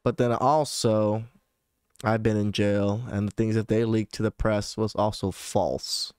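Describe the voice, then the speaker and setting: Smooth low-voiced man in casual chat. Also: steady tone, unhurried, a little mellow, no room sound, clean studio sound. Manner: brief, agreeing interjections. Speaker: podcast co-host.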